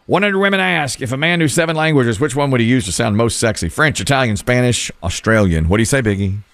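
A man hosting a game on a radio show, with quick announcer patter and the question repeated again and again. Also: mid-range voice, animated, a bit bright, no echo.

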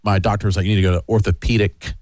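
A man's voice: fairly low pitch, little pitch movement, racing, a little mellow, no echo, clean studio sound. A middle-aged man hosting a radio show who tells a story in casual chat and acts out other people's lines.

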